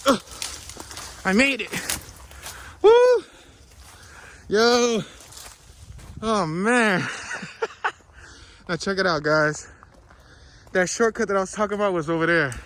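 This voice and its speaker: Excitable man hiking a trail outdoors. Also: high-pitched, measured pace, pauses often. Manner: excitable, playful, whoops and laughs. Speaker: vlogger narrating a hiking walk. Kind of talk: casual walk-and-talk narration. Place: outdoors on a wooded marsh trail in winter.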